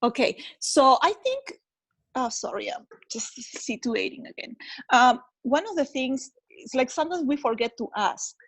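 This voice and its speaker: A woman's voice: high voice, animated, moderate pace, no room sound. A woman from Peru, chatting on a video call with many fillers. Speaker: mastermind member.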